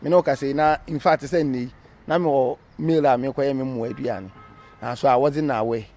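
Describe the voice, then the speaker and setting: A man's voice: medium pitch, steady tone, brisk, a little mellow, soft background music. A Ghanaian man, a former referee, being interviewed, telling his story animatedly in a casual mix of English and Twi.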